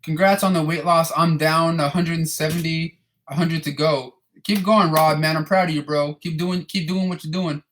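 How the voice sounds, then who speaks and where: A man's voice: on the high side, steady tone, moderate pace, a bit bright, slight background noise. A man in his thirties casually answering viewer questions, rambling and profane, often repeating and restarting his words. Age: 30s. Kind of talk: casual chat.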